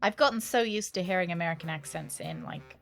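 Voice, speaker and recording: A woman's voice: lowish voice, wildly swooping pitch, fast talker, vocal fry, fairly bright tone, soft background music. A young woman with a British accent chatting playfully with her viewers while streaming a game. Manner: chatty, playful, teasing banter with chat. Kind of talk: casual let's-play chat.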